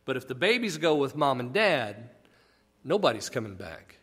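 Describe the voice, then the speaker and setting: Animated man teaching the Bible. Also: medium pitch, moderate pace, slightly rough. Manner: explanatory, conversational, asks rhetorical questions. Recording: long echoey reverb.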